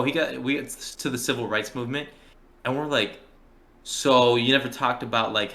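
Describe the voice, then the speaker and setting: A man's voice: medium pitch, bright, forceful tone. Rambling young man telling a story. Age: early 20s. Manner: rambling, profane, acts out quotes. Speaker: podcast co-host. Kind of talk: casual storytelling chat.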